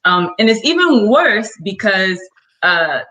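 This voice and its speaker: A woman's voice: mid-range voice, sing-song, slow pace, sharp tone, low-quality recording. A woman guest telling a candid personal story in a talk, hesitating with many fillers.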